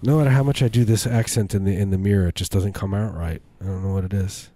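A man's voice: low-pitched, steady tone, fast talker, dark tone, no room sound. A man co-hosting a remote comedy podcast, spinning absurd rambling stories with many restarts. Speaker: podcast co-host. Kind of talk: improvised comedy chat. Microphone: remote recording setup.

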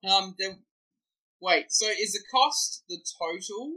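A man's voice: sits high, lively intonation, slow pace, sharp tone, poor audio. A man playing a tabletop game, speaking casually and hesitantly while he checks the rules. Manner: hesitant, unsure of terms. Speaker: player.

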